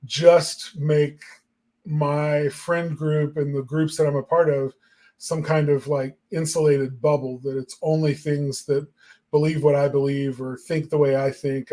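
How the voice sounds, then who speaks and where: A man's voice: on the high side, flat delivery, a little slow, warm tone. A man co-hosting a marketing talk show, musing in casual chat with lots of fillers. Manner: reflective and rambling, many fillers.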